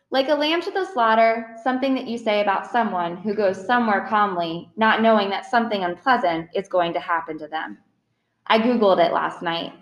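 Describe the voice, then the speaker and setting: Audiobook reader: a woman, earnest first-person narration, roomy echo. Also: medium pitch.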